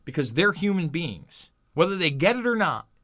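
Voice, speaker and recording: A man's voice: a little high, moderate pace. A man hosting a commentary show, ranting and mocking over news clips with heavy repetition. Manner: animated, mocking, repetitive emphasis. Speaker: commentary host.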